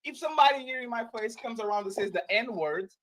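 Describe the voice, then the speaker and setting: A man debating on a casual live panel, animated and argumentative, often stumbling and restarting mid-sentence. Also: very high voice, fast talker.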